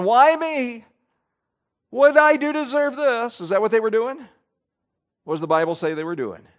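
A middle-aged man preaching a sermon in a high, lively voice that rises and falls widely. He keeps breaking into little acted-out asides, voicing what his listeners might think. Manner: animated preaching, acts out listeners' thoughts in quoted asides. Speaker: pastor.

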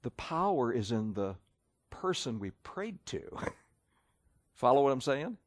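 Animated, lively preacher man. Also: mid-range voice, takes it slowly. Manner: animated, emphatic, folksy, rhetorical questions to the congregation. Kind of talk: sermon.

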